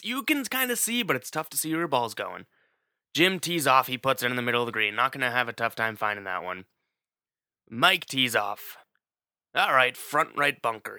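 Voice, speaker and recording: A man's voice: medium pitch, bright, forceful tone, no echo, studio quality. A man telling a story in a casual, chatty way, talking straight to the listener with plenty of fillers. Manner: chatty, addresses the listener directly, many fillers.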